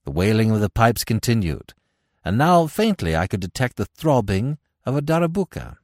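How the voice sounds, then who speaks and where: Brief: low-pitched male narrator, animated delivery, close and dry. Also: moderate pace, dry recording. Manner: expressive, dramatic storytelling. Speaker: podcast narrator. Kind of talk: scripted narration of a classic novel.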